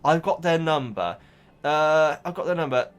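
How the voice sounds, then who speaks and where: Reading a book for a casual YouTube reaction, this man talks at a normal speed with lively intonation and a somewhat high pitch. His thoughts spill out in rambling fashion, and he stumbles on words he repeats.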